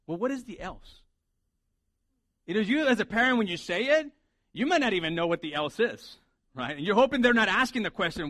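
A male pastor preaching a sermon in a high voice. He talks in a casual, conversational way and acts out the lines he quotes. The sound is dry and close, with hardly any room echo. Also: expressive, moderate pace, a bit bright.

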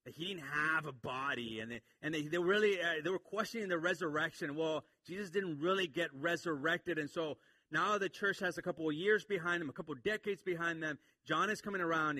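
A man preaching a sermon, swinging from quiet explanation to emphatic points. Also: fairly high pitch, no room sound. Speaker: pastor.

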